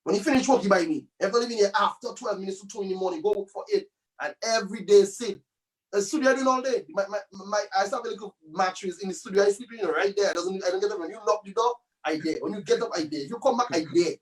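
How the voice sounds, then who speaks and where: A man's voice: high-pitched, fast talker, recorded from a distance, rough recording. A man, a musician guest, telling rambling stories in a casual interview, full of tag phrases.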